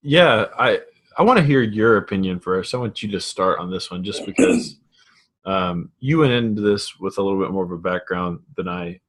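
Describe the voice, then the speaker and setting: A man co-hosting a podcast in casual chat, relaxed, giving short replies and correcting facts. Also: sits low, moderate pace. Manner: relaxed, fact-checking, brief replies. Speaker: podcast co-host.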